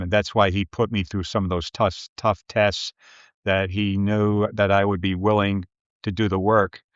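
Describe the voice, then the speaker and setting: Male business coach, low voice, lively storyteller who mimics others; dull, dry recording. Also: smooth, dry recording. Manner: lively storyteller who acts out quoted people. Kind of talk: storytelling in a podcast interview.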